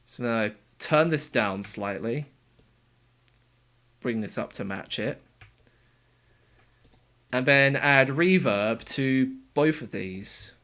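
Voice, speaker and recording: A young man casually explaining how he made game voices, talking in a relaxed, halting way. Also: mid-range voice. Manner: halting, relaxed, with fillers and restarts. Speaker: game voice actor and sound editor. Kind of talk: casual developer commentary.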